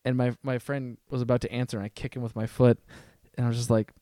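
A young man telling a story as a podcast guest, animated and acting out the lines of other people. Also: medium pitch, quick pace, no echo, studio quality. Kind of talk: casual storytelling.

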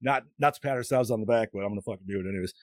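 A podcast host in his late thirties tells stories in casual chat, swearing often and acting out the quotes. His voice is fairly low, he talks very fast, and there's no echo.

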